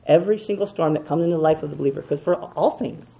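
A man preaching a sermon with passion, swinging between loud, emphatic repetition and hushed, quiet lines. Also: fairly high pitch, quick pace, vocal fry, highs cut off.

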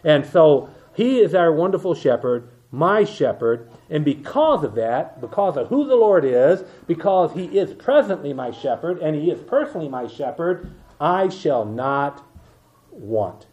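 An older man preaching an evening sermon, with a mellow, somewhat higher voice. He stretches out scripture verses with weight and slips into quiet, soft asides. The recording sounds dull and lo-fi. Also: sing-song. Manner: reads King James verses slowly and with emphasis, asides in a dropped voice.

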